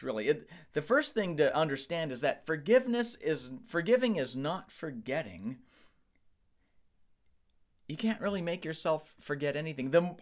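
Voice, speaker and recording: A man in his forties, a pastor, preaching a candid, conversational sermon with some restarts. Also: on the high side.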